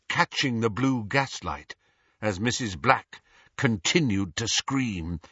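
A man narrating a storybook in a measured, expressive way. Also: medium pitch, husky, no echo, highs cut off. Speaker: audiobook narrator.

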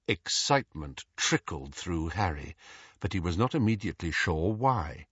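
A man narrating an audiobook with expressive, varied storytelling. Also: low-pitched, normal speed, slightly rough, dry recording. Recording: dull lo-fi dry audio.

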